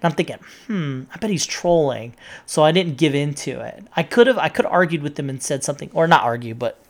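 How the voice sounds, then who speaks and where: Low-voiced woman, rambling and profane. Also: animated, a little fast. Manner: rambling, profane, many fillers and restarts. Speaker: social media poster recounting an argument. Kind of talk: casual storytelling monologue.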